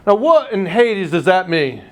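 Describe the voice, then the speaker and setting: A man teaching a live real estate class, telling stories and teasing the room. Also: sits high. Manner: animated storyteller, teasing, quick asides. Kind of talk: live class lecture with anecdotes.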